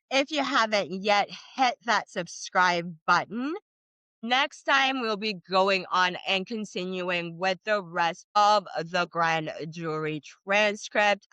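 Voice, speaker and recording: Woman, host, reading court transcript, passionate commentary, bright forceful voice, dry close sound. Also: mid-range voice, clean tone, no room sound, poor audio. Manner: casual, with frequent "like".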